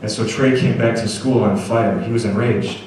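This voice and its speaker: A man's voice: fairly low pitch, steady tone, moderate pace, a little mellow, a little hiss or hum. A man giving a motivational storytelling talk to schoolchildren at an assembly, earnestly asking the crowd to agree with him. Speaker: motivational speaker. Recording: very echoey hall, voice from far off.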